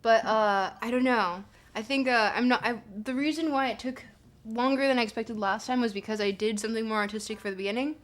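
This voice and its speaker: A woman streamer chats casually with her viewers in a fairly high voice, talking a little fast with few pauses. She rambles and giggles, using lots of fillers in this livestream chat.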